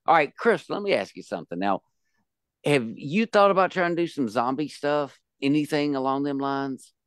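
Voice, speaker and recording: Boisterous host. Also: male voice, a little high, normal speed, clear, resonant tone, no echo, studio quality. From United States. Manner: boisterous, joking, animated. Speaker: podcast host. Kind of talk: casual podcast chat.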